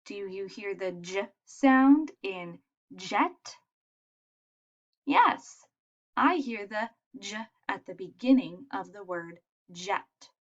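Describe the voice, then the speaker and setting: Woman doing a slow kids phonics lesson, encouraging, sounds things out clearly, bit muffled recording. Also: mid-range voice, expressive. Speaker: teacher. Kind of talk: phonics lesson for young children.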